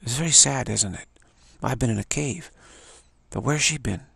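A man's voice: mid-range voice, moderate pace, gravelly, fairly bright tone, slightly rough, dry recording. An older man musing to camera in a rambling monologue, stammering, repeating himself and asking "isn't it?". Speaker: vlogger.

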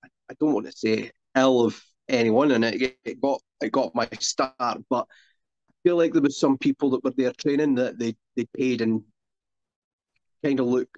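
A middle-pitched Scottish man in his forties recounts stories in a loose, rambling podcast chat and keeps restarting his sentences. The audio is muffled and lo-fi, with a dry sound and no room echo. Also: measured pace, a little mellow. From Scotland. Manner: rambling anecdotal storyteller with many restarts. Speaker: wrestler guest. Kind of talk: casual podcast interview storytelling.

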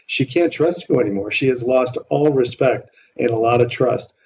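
A man's voice: medium pitch, normal speed, darkish tone, a little hiss or hum. Earnest man coaching, distant muffled line. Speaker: relationship coach. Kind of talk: podcast interview.

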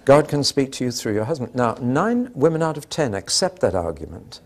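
A man's voice: mid-range voice, big pitch swings, fairly quick. An older man preaching a sermon, telling anecdotes with dry humour and acting out the dialogue.

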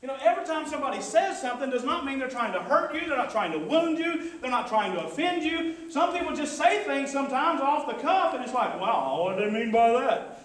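Male pastor, high voice, chatty sermon delivery, recorded from a distance in a reverberant church. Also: expressive, a little fast, hardly any pauses, fairly bright tone. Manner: conversational preaching with call-and-response asides. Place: church sanctuary. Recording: echoey church hall, mic from afar.

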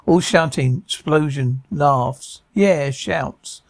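A man reads a whole drama scene aloud by himself, speaking the sound cues as well as the lines. His voice is slightly high with a gravelly rasp, and he often stumbles over words. The recording is dry and close. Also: no echo. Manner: halting, stumbling reading. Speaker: amateur audio drama reader.

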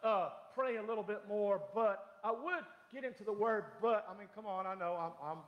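Animated male pastor preaching in an echoey hall. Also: sits high, moderate pace, muffled recording. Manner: animated, humorous, acts out quoted voices. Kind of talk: sermon. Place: church sanctuary.

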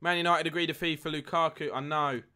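A young man live-streaming a football game, chatting with viewers and getting excited at near misses. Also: fairly high pitch, fast, clear, resonant tone. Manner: chatty, reads chat aloud, excitable at goals. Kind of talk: live gameplay commentary and chat.

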